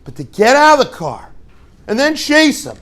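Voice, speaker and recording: A rabbi teaching his students through a lively story, acting out the scenes and dropping in joking asides. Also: very high voice, moderate pace. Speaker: rabbi and yeshiva head.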